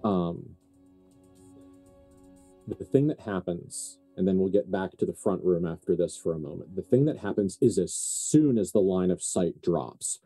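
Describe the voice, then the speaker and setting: A man narrating as game master of a tabletop horror game, animated and quick to laugh. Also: low voice, faint music behind.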